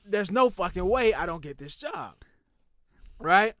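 A man in his thirties on a podcast, telling a personal story in a heated, profane, animated way. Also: high voice, unhurried, dry recording, studio quality. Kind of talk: casual storytelling.

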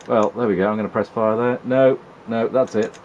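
Wry man, low voice. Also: a little mellow, dull audio, a little hiss or hum. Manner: wry, chatty, self-mocking, talks to the game characters. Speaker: retro gaming video host. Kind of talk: casual gameplay commentary.

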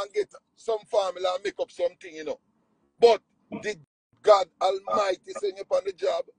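A man's voice: creaky, husky, no echo, rough recording. Jamaican nutritionist, man, bold swooping delivery, dry close sound. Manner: animated, preachy, swings pitch widely. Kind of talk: casual spiritual storytelling.

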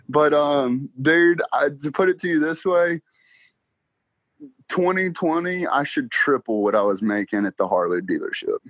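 A young man, a car salesman guest telling his story in a casual interview, excited and quick to laugh. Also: fairly high pitch, no echo. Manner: excited, laughs often, talks fast with "like" and "bro".

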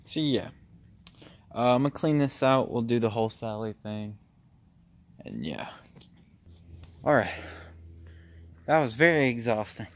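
In this casual tunnel-exploring vlog, a young man with an interest in the paranormal talks at a medium pitch with lively intonation. His pace is measured, broken by long pauses, and a little background noise can be heard. He's out of breath, rambling, and easily spooked by sounds in the cold outdoor tunnel.

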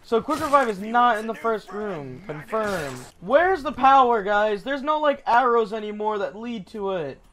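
A young man hosting a gaming channel, giving casual, excitable gameplay commentary and swearing when startled. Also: high-pitched, unhurried, few pauses.

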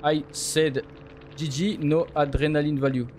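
A man's voice: fairly high pitch, little pitch movement, a little slow, darkish tone, a little hiss or hum. A man, streaming a game live and mockingly teasing his opponents.

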